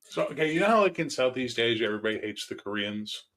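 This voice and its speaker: A man's voice: mid-range voice, animated, fast, fairly bright tone, a little hiss or hum. A man chatting casually with friends on a stream, telling stories in a blunt, profane way. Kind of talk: casual chat among friends.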